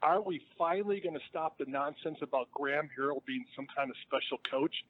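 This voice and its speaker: Brief: male caller, fired up and fed up, slightly high voice, tinny phone-line sound. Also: brisk. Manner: emphatic, exasperated. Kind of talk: call-in complaint on live television.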